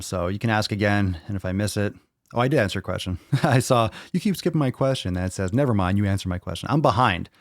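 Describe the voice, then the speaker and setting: A man with a gravelly, lowish voice runs a casual live fitness Q&A, recorded dry and close with no echo. He reads viewer questions aloud and then rants in blunt answers, swearing freely in a loose, offhand, unscripted way.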